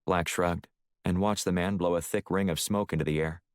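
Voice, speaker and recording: A man narrating a thriller audiobook in a deep, low voice. His storytelling is steady and even. The sound is close and dry. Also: normal speed, no echo. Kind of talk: scripted narration.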